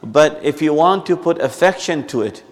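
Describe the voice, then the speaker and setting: A man's voice: on the high side, expressive, moderate pace. A man giving a conversational Friday talk in a mosque, explaining points with acted-out examples and frequent restarts. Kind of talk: sermon.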